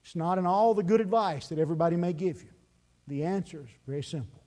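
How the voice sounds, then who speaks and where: A male pastor preaching a sermon in church, emphatic, swinging from loud pleading to hushed, earnest calls. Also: on the high side, fast. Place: church sanctuary.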